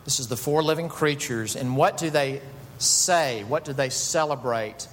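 A man preaching a sermon as pastor, emphatic, rising to high bursts on key words. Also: measured pace, big-room sound, a little hiss or hum.

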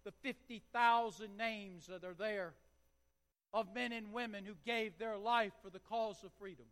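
High, bright-voiced preacher in a reverberant hall. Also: male voice, steady tone, a little slow, clean tone. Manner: impassioned preaching, rising to loud emphatic peaks. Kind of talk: sermon.

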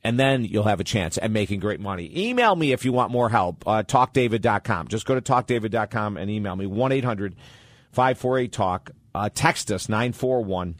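A man hosting an advice talk show, answering listener questions in a blunt, animated and candid way. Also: lowish voice, moderate pace, no room sound, clean studio sound.

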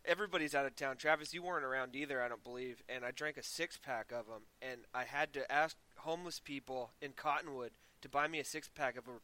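A man's voice: medium pitch, quick pace, hardly any pauses, pushed and bright. A man chatting casually with his brothers, joking crudely and laughing at himself. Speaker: brother in the chat. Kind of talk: casual chat.

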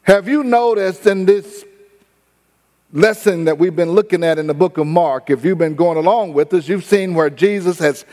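High-voiced preacher in an echoing sanctuary. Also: male voice, darkish tone. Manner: conversational preaching, drawn-out emphasis, folksy phrasing. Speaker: pastor. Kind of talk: sermon. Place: church sanctuary.

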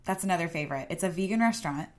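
Woman podcast guest, casual chat, fairly low voice, giggly and easygoing. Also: expressive, racing.

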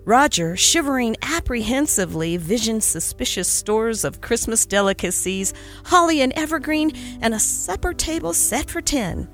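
A woman narrating a classic holiday story in an expressive, storytelling reading. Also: fairly high pitch, moderate pace, faint music behind.

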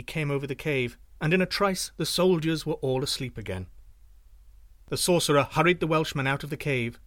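A man narrating a folk tale in an expressive, dramatic reading. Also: medium pitch, no echo, studio quality. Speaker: storyteller. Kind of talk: scripted narration.

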